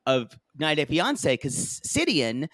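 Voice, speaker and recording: A man co-hosting a casual reality-TV recap podcast, jokey and animated, often mimicking the cast in high mocking voices. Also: moderate pace, dry recording, studio quality. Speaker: podcast co-host.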